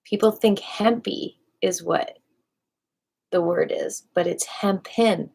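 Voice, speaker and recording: Woman reading the dictionary on a live stream, real slow and deliberate, playful little asides, sometimes drops to a whisper. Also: medium pitch, gravelly, mellow, slightly rough. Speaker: livestream host reading a dictionary aloud.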